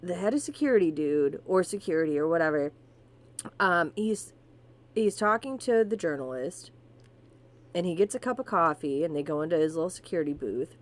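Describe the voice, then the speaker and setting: Animated, swearing woman podcast host. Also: deep voice, a little fast. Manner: animated, swears freely, laughs through stories. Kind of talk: casual storytelling chat with profanity.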